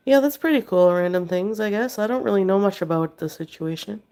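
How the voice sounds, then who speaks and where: A woman's voice: medium pitch, mellow. A woman with a sick voice chatting on a livestream, rambling between reading out chat comments and talking to her pet.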